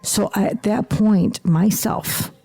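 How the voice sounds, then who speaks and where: A woman's voice: mid-range voice, takes it slowly, gravelly, warm tone, husky. A middle-aged woman telling her personal story as a podcast guest, emphatic and dropping into whispered asides.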